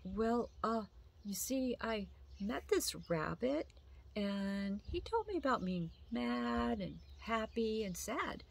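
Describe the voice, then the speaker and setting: A woman's voice: a little high, expressive, takes it slowly, gravelly, pitched above the performer's own voice, heavily acted. A woman voicing a timid, confused young male vulture who speaks hesitantly, in a storybook reading. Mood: meek. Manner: hesitant and meek.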